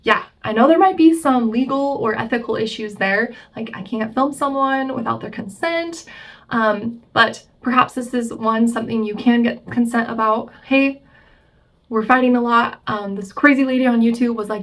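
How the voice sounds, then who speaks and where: Chatty woman therapist, somewhat high voice. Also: normal speed, a bit bright. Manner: chatty, explains, acts out quoted self-talk. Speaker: family therapist. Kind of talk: advice vlog to camera.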